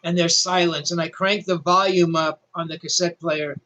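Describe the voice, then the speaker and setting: A man's voice: on the high side, flat delivery, moderate pace, sharp tone, muffled recording. An older male rock journalist telling a story animatedly, with self-deprecating humor. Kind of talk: storytelling interview.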